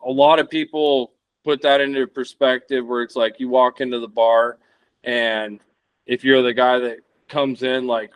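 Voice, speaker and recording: A man's voice: medium pitch, little pitch movement, measured pace, smooth, no room sound. A man in his thirties, a podcast guest talking casually and rambling as he searches for words. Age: 30s. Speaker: podcast guest, elk hunter.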